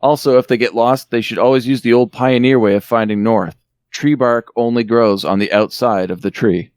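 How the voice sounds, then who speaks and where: A man's voice: mid-range voice, steady tone, moderate pace, a little mellow, clean tone, no echo, clean studio sound. A man hosting a podcast, casually recapping a movie with wry, laughing asides. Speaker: podcast host recapping a film. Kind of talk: casual chat.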